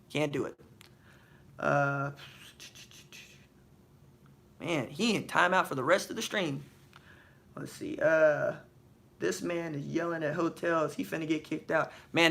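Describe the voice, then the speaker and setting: Guy hosting a live stream, bright voice, slangy and animated, reads the chat out and fires back questions. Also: a little high. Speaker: podcast host.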